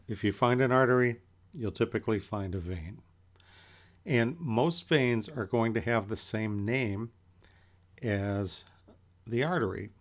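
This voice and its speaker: A man teaching an anatomy lecture in a relaxed, conversational way as he points through pictures. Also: fairly low pitch. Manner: relaxed and conversational, with many fillers and pauses. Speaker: anatomy instructor.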